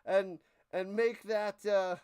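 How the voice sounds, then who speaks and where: A young man with a high, smooth and clear voice calls a live football game on his stream. He jokes around, plugs a friend's channel and laughs as he fumbles a player's name. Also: takes it slowly. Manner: jokey, animated, stumbles over names. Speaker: play-by-play streamer and host. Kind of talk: live play-by-play commentary.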